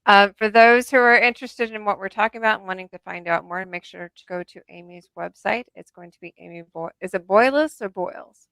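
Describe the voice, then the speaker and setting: A woman's voice: mid-range voice, little pitch movement, fast, gravelly, hardly any pauses, pushed and bright, no room sound. A woman podcast host wrapping up an interview in an upbeat way, thanking the guest and spelling out a web address. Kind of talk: podcast wrap-up.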